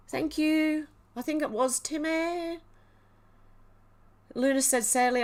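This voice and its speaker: A woman chats through a casual livestream in a mid-pitched voice. She reads out headlines and viewer comments and reacts aloud with exclamations and easy laughter. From Australia. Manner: chatty, exclaiming, laughs often. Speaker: livestream host. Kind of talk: casual livestream chat, reading news and comments.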